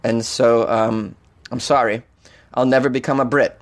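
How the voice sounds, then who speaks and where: A man's voice: mid-range voice, normal speed. Ranting American man hosting a comedy podcast. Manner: animated, ranting, swears casually, jokey. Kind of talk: casual comedic podcast rant.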